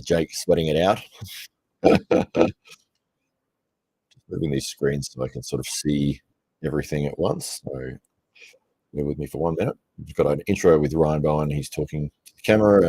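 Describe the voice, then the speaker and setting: A man casually commentating on a live stream from his computer, chatty and quick to laugh as he rambles between tasks. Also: rumbling low, warm tone, breathy edge.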